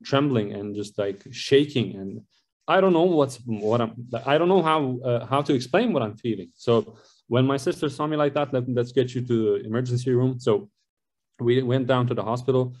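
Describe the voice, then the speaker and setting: A man, speaking at a mid pitch. He tells his story as an interview guest, rambling and restarting his sentences as he goes. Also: animated, moderate pace, a little mellow. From Lebanon. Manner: rambling, with many fillers and restarts.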